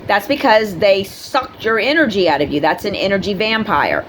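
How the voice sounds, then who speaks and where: A woman's voice: expressive, moderate pace, fairly bright tone, a little hiss or hum, rough recording. A middle-aged woman hosting a spiritual video, talking earnestly and conversationally with fillers and asides. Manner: acts out quoted people in a high voice. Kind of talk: casual spoken monologue to camera.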